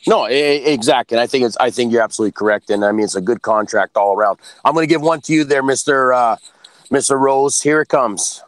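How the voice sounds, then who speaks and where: Brisk man leading a sports chat, dry sound. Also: medium pitch, no echo. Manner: brisk, emphatic, leads the topics. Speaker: podcast co-host posing questions. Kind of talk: casual sports debate.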